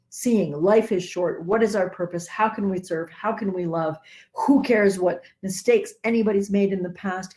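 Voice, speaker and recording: A woman, a Buddhist teacher, giving a dharma talk with animated, earnest storytelling. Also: on the low side.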